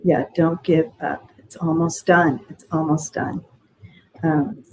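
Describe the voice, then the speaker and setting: Woman, low-ish voice, casual rambling spiritual reader with restarts and blunt swearing, faint background hiss. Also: level tone, slow, rough recording. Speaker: spiritual healer giving channeled messages. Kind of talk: casual spiritual reading on a group call.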